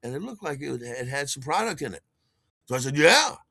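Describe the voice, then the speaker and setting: A man in his sixties, a podcast host, telling a personal story in an animated way and acting out the dialogue. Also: medium pitch, a little fast, vocal fry, dry recording, clean studio sound. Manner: animated, acts out dialogue with shouted outbursts.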